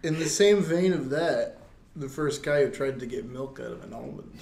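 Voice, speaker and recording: A man's voice: mid-range voice, normal speed, darkish tone. A man co-hosting a casual comedy podcast, joking and laughing often as he talks. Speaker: podcast co-host. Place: public library room. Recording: echoey room, faint noise.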